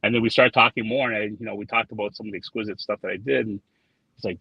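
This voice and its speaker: Fast and husky, with a fairly low pitch and fairly even intonation, a trading card designer rambles as a guest in a casual interview. He repeats words and quotes dialogue in his anecdotes, and the sound is dull, lo-fi and dry.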